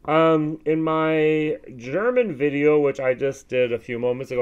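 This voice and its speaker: Animated American man reviewing whisky. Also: on the high side, moderate pace, hardly any pauses, clean tone, highs cut off. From United States. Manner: animated, expressive reactions with frequent fillers. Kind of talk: casual tasting review.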